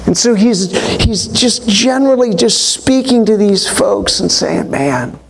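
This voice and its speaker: A male pastor preaching a sermon in a church, telling the story in an animated way with quoted voices. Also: high-pitched, measured pace, creaky, hardly any pauses, a little hiss or hum.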